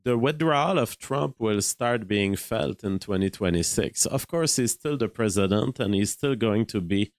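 A Quebec-accented man, French by birth, hosts a live stream in a measured, thinking-aloud style, often restarting his sentences. His voice sits a little low and sounds smooth and clear. It is recorded close and dry, with no room sound. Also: animated, no echo. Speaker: livestream host. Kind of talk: live-stream commentary, reading super chats.

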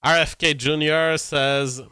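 A man talking at an unhurried, deliberate pace, with a bright, forceful and smooth voice. He is a blunt, opinionated commentator who reads posts aloud and reacts to them, swearing freely. The recording is dry and close. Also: on the high side, fairly even intonation, dry recording. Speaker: political commentator.

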